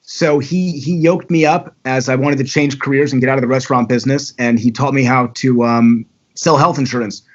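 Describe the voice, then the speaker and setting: A man's voice: medium pitch, fairly even intonation, brisk, few pauses. Guy on a podcast telling his story, chatty, middle voice, kinda muffled lo-fi audio. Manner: talkative storyteller. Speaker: podcast guest. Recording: dull lo-fi audio.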